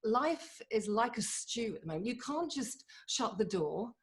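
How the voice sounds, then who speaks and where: A woman's voice: a little high, very animated. Eager woman giving an online talk. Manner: eager and chatty, with quick bursts and laughs. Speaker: motivational speaker. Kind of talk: live online motivational talk. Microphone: video call.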